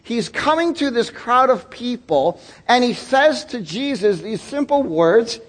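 A man pastor giving a sermon, telling the story in an animated way and acting out voices, with casual slang. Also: very high voice, unhurried, few pauses.

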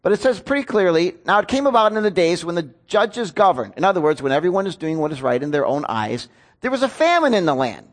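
A man's voice: high voice, big pitch swings, fast. A man preaching a sermon as pastor, conversational and self-deprecating, often asking his congregation questions.

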